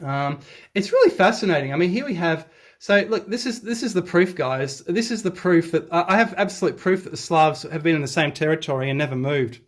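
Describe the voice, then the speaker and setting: A man reading an article aloud and rebutting it as a history commentator, excitable and sarcastic, with sudden jumps in pitch when he stresses a point. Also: a little fast.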